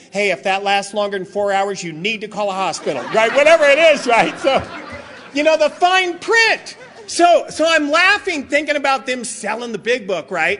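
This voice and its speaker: Middle-aged socal guy, rambly funny speaker, kinda high voice with lots of jokes and asides. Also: bright, forceful tone, slight background noise. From Southern California. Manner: loose, joking, rambling with asides. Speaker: guest speaker. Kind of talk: comic storytelling talk.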